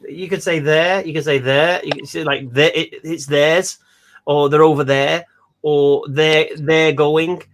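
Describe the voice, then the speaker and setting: A man's voice: a little high, steady tone, unhurried, a little hiss or hum. A man hosting a casual conversation, chatty and repetitive, laughing often. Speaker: host.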